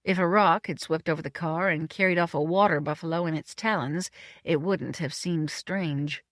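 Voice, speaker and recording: A woman narrating an audiobook in a measured, dryly witty way. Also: low voice, no room sound, studio quality. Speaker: audiobook reader. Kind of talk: scripted storybook narration.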